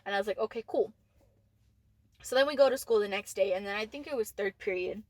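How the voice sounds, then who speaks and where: A teenage girl co-hosting a podcast shares a frank story full of "like" and swearing, speaking briskly in a mid-range, slightly mellow voice. There's no echo on the recording.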